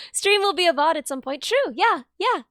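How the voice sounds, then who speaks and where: A woman's voice: very high voice, sing-song, normal speed, a bit bright, no room sound, studio quality. A young woman chatting casually on a live stream from her bedroom, giggling often and reading out viewer messages. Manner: giggly, chatty, reads chat aloud. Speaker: livestreamer.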